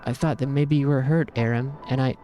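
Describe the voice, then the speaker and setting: A man's voice: medium pitch, steady tone, fairly quick, highs cut off, faint music behind, lightly acted. A man voicing a tearful, anxious young woman, his voice choking as if holding back tears.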